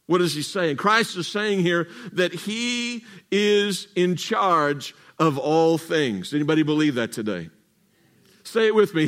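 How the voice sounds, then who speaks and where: A man's voice: fairly high pitch, lively intonation, moderate pace, a bit bright. A man preaching a sermon to his congregation, calling for responses and drawing out key phrases for emphasis. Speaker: pastor. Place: church sanctuary.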